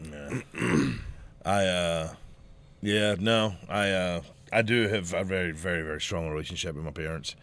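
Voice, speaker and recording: A man's voice: low voice, unhurried, fairly bright tone. A middle-aged man with a Scottish accent, swearing freely and rambling through stories as a podcast co-host. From Scotland. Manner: profane, rambling storyteller. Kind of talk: casual chat.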